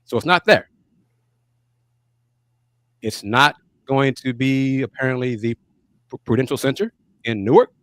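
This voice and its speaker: A man's voice: medium pitch, a little slow, pauses often, fairly bright tone, no echo. A man hosting a casual sports talk show, chatting through news and calling on his panelists by name. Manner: conversational, calls on panelists by name. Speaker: podcast host.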